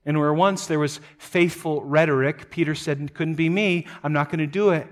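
A man preaching a sermon, retelling a scripture story dramatically, moving between loud emphatic passages and quiet low asides, often repeating words as he goes. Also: steady tone, normal speed. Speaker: pastor.

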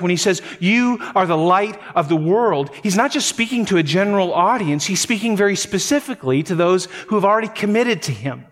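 Male pastor, middle-aged, high voice, emphatic sermon delivery that doubles words for stress. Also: animated, normal speed. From North Dakota. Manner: emphatic, repeats words when stressing a point.

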